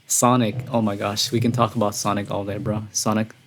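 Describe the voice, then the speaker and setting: Excitable man reacting to music, gravelly. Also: lowish voice, brisk. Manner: excitable, says "bro" often, gushing. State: out of breath. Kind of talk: excited casual reaction commentary. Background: song playing quietly.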